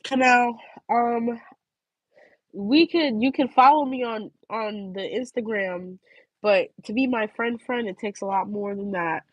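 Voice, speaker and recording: A woman's voice: a little high, a little slow, no echo. A young woman from Philadelphia hosting a tarot livestream, chatting casually and telling a story with lots of laughter. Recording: dull lo-fi stream audio.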